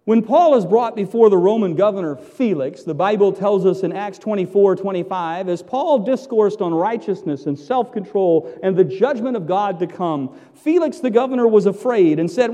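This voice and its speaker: A male pastor preaching a sermon, emphatic and theatrical, swinging from loud to hushed. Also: sits high, lively intonation, normal speed, hardly any pauses, in a large hall.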